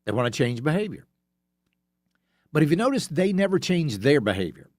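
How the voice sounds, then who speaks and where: Sarcastic talk radio host, lively pitch. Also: male voice, no room sound, clean studio sound. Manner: sarcastic, mocking, spells things out slowly. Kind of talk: opinionated talk radio monologue. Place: radio studio. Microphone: studio microphone.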